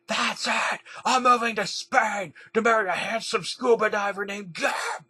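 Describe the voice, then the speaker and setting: Man putting on a shrill jilted wife. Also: fairly even intonation, a little slow, sharp tone, breathy edge, exaggerated voice. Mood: hysterical. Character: woman, hysterical jilted wife.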